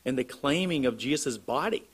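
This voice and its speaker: A man's voice: mid-range voice, lively intonation, moderate pace, slightly rough. A man preaching an earnest expository sermon, explaining scripture and posing rhetorical questions to his congregation. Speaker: pastor.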